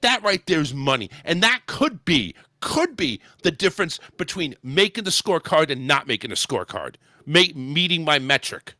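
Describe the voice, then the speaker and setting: A man's voice: fairly high pitch, big pitch swings, normal speed, hardly any pauses, pushed and bright, dry recording, studio quality. A man hosting a talk show, venting angrily and swearing a lot about his sales job. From United States. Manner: angry, profane ranting. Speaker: host. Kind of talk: casual talk show rant.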